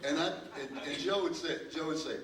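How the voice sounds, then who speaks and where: Here a record producer on a panel, an older man, rambles through a long anecdote with many restarts and plenty of chuckles. His voice sits a little high and sounds a bit bright, and he talks briskly. A distant mic picks him up in an echoey hall with faint ambience.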